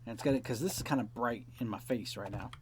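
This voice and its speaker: A man's voice: medium pitch, fast, a little hiss or hum. Young male let's-player, loose rambling chat, heavy swearing, faint key clicks behind. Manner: rambling, swears often, acts out quoted dialogue. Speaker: let's play host. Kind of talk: casual rambling commentary while playing.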